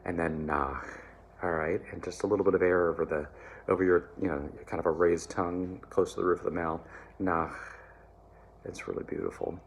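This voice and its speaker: Deep-voiced guy walking singers through german diction, chill and encouraging, faint hum behind. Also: vocal fry. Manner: relaxed, encouraging, with frequent "all right?" and slow modeled words. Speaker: choir diction coach.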